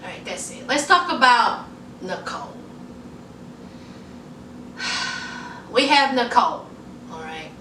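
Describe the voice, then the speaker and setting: A woman's voice: big pitch swings, takes it slowly, pauses often, sharp tone, slight background noise. A woman vlogger recapping a reality show in casual, sassy chat, calling her viewers y'all and honey. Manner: acts out quoted people in a higher voice. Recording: echoey room, mic at a distance.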